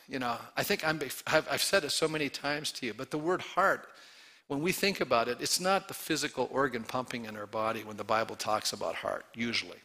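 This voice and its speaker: A pastor preaching a conversational sermon, asking rhetorical questions and jumping to excited high bursts. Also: male voice. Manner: rising to excited high bursts when acting out joy.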